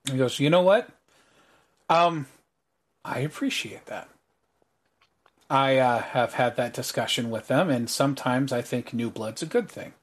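Acting as game master for a tabletop game, a man with an everyday mid-pitched voice narrates the scene. He speaks a little slowly with long pauses, going low and quiet whenever he voices the characters.

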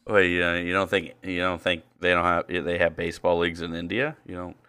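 A man's voice: deep voice, little pitch movement, fairly quick, noisy background. A man co-hosting a casual podcast, joking crudely while watching a ballgame. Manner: joking, crude, loud bursts. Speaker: podcast co-host.

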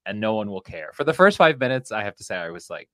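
Casting note: man co-host, wry and conversational, lower register, close dry mic. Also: very animated, fast, fairly bright tone, no room sound. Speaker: podcast co-host. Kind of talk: casual movie review chat.

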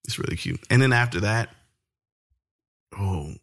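A man co-hosting a casual podcast, talking in an animated way, laughing often and swearing freely. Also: fairly low pitch, unhurried, creaky. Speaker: podcast co-host.

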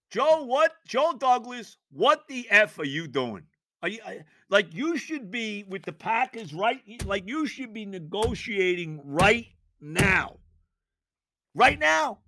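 An older man, hosting a sports podcast and ranting in exasperation with loud, theatrical outbursts. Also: sits high, big pitch swings, takes it slowly, no room sound, studio quality. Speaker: podcast host. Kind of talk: sports rant.

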